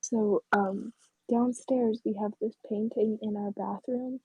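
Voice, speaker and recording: A woman's voice: medium pitch, steady tone, slow pace, dark tone, husky, dry recording. A young woman co-hosting a casual podcast chat, teasing and playful. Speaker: podcast co-host. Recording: dull lo-fi mic.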